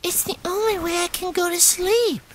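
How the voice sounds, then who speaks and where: A man voicing an odd little girl who sings herself to sleep in a storybook reading, in a high, soft, matter-of-fact voice. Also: steady tone, normal speed, slight background noise. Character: Taylor, a little sister who is a bit strange.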